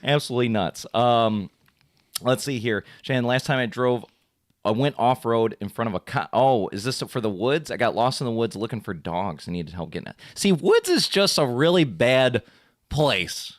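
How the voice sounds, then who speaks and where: A man's voice: normal speed, no echo, studio quality. A man in his thirties hosting a podcast, telling stories in casual chat and acting out quoted lines in a raised voice. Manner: animated storyteller, acts out quotes in a high voice. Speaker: podcast host.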